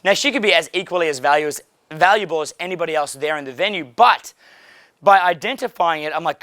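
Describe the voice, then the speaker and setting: A man's voice: fairly high pitch, fast, sharp tone, no echo, studio quality. A young man coaching a small group in a casual way, blunt and profane, with frequent fillers. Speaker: dating coach.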